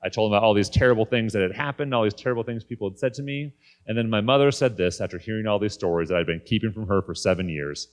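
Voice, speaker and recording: Brief: man, thirties, lowish register, candid conference speaker telling a personal story. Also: quick pace. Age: 30s. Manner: candid, conversational. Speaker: guest speaker. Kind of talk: personal faith talk. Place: conference stage.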